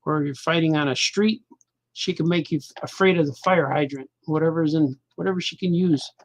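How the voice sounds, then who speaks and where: A man's voice: fairly high pitch, steady tone, fairly quick, no echo. A middle-aged man hosting a casual show as a cartoonist, rambling and joking loosely, half talking to himself while he draws. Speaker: cartoonist and podcast host.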